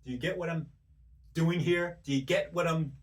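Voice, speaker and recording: A man giving a motivational self-help talk, speaking directly to the listener in rapid strings of rhetorical questions. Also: fairly high pitch, recorded from a distance. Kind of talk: motivational monologue.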